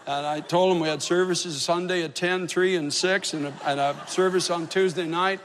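A man's voice: sits high, fairly even intonation, normal speed, fairly bright tone, slight background noise. Earnest preacher man in a reverberant hall. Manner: storytelling preacher, earnest and emphatic. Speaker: pastor. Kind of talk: sermon.

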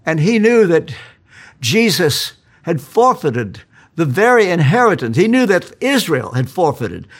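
A man's voice: a little high, big pitch swings, measured pace. A man preaching a sermon, earnest and storytelling, asking rhetorical questions.

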